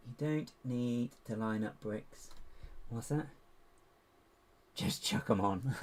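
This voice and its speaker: Sorting bricks and muttering to himself, this man gives casual live commentary on his LEGO build. His lowish voice is steady and measured against a noisy background, and it's getting cracky as though he needs a drink.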